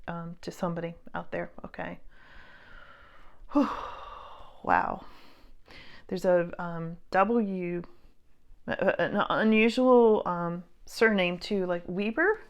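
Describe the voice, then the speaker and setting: A woman giving a casual tarot reading to camera, earnest and halting, with many fillers and frequent drops into hushed whispers. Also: lowish voice. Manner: emotional, speaks of feeling things strongly. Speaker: psychic tarot reader.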